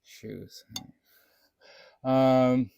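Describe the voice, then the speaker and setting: A man's voice: mid-range voice, steady tone, drawn-out words, creaky, dark tone, clean tone, no echo. Rambling man thinking aloud, dry sound. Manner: meandering, thinks aloud with many fillers and restarts; informal, swears casually. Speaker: vlogger. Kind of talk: casual rambling monologue.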